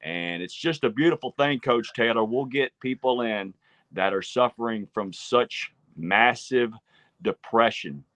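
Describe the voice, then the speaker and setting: A man co-hosting a life-coaching podcast, chatting in an earnest, fired-up way that slows down for emphasis. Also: medium pitch, fairly bright tone, dry recording. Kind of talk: casual chat.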